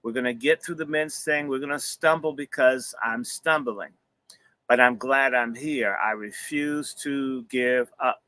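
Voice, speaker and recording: Blunt preacherly man with a bright voice. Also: mid-range voice, a little slow, dry recording. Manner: rambling, blunt and profane, sermon-like cadence. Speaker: host and minister. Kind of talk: preacherly livestream talk.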